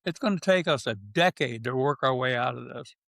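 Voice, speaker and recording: A man's voice: mid-range voice, animated, brisk, vocal fry, fairly bright tone, dry recording. An older man, a retired general, speaking bluntly and emphatically in an interview, with short punchy phrases. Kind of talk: candid interview talk.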